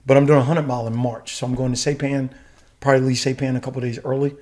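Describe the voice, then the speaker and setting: A middle-aged man from the United States telling a story as a podcast guest, casual and profane, full of animated asides. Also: mid-range voice, fast talker. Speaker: guest, retired Army warrant officer.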